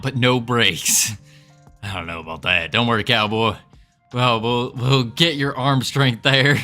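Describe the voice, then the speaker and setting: A man's voice: mid-range voice, pushed and bright. A man streaming live and chatting with viewers in a put-on Southern drawl, folksy and joking, laughing often. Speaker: livestreaming game developer. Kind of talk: casual livestream chat with viewers.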